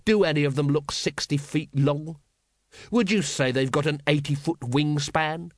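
A hard-bitten middle-aged watch captain, as a male reader puts him on, talking low and unhurried with dry, quiet menace. The storybook voice sits close and dry on the mic, with almost no room around it. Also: dry recording, lightly acted. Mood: quietly menacing. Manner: soft, slow, menacing delivery. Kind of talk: audiobook character voice.

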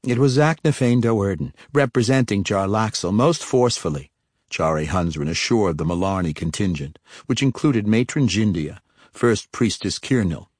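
A man reading a fantasy novel aloud as an audiobook narrator, in a measured storytelling way. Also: deep voice, dry recording, clean studio sound.

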